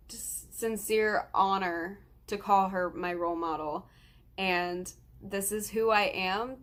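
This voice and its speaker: Her voice sits at a medium pitch with a touch of brightness as this nineteen-year-old woman films an emotional vlog. Nearly in tears, she rambles earnestly, her speech full of ums.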